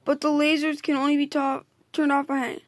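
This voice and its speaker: Woman reading as a bossy female spider hacker, high voice, dry sound, halting read-aloud delivery. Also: flat delivery, no echo, close to an everyday voice. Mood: explaining, bossy.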